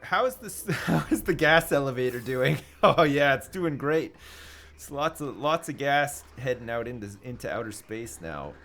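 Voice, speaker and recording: A man's voice: medium pitch, expressive, moderate pace, fairly bright tone, faint music behind. A man streaming a video game live, chatting casually with his viewers and swearing freely. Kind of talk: live commentary over gameplay.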